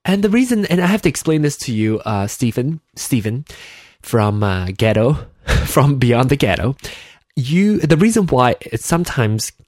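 A chatty man with a Malaysian English accent, tinged with British, talks through a solo podcast in a lively, up-and-down voice. He rambles, restarts and corrects himself often. The sound is dry and close, with no room around it. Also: medium pitch, normal speed, dry recording. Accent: Malaysian English with a slight British touch. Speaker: podcast host. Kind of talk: casual solo podcast chat.

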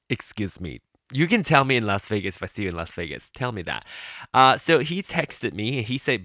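A man's voice: fairly low pitch, brisk, no echo, studio quality. A man hosting his own podcast in casual solo chat, rambling and apologetic, often stopping himself mid-sentence with fillers. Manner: chatty and animated. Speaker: podcast host.

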